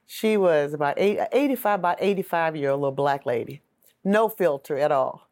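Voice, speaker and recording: A woman's voice: sits low, expressive, moderate pace, darkish tone. A middle-aged woman giving earnest, emotional personal testimony in an interview.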